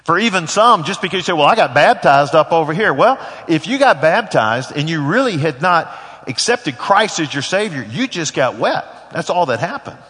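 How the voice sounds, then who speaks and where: A man's voice: fairly high pitch, sing-song, moderate pace, sharp tone. A middle-aged man preaching a sermon as pastor, folksy and conversational with joking asides. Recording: long hall reverb.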